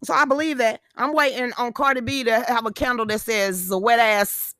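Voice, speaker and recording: A middle-aged woman chats as a live show host, brash, profane and joking. Her voice sits a bit high, with a bright, sharp edge. The sound is dry and close. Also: steady tone, normal speed, no echo. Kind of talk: casual chat.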